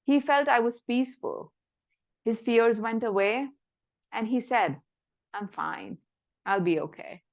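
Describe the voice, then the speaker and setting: A woman physician giving an earnest, reflective talk about her practice, speaking in measured phrases that soften almost to a whisper at tender moments. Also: high-pitched.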